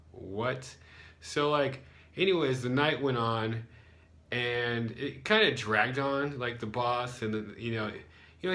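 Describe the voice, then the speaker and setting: A man's voice: lowish voice, a bit bright. A young American man, an English teacher, telling a story casually with lots of fillers and sarcastic asides. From United States.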